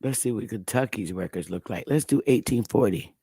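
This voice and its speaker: A woman hosting a casual livestream, talking bluntly with profanity and excited exclamations. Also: extremely low pitch, brisk, husky, no echo. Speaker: livestream host.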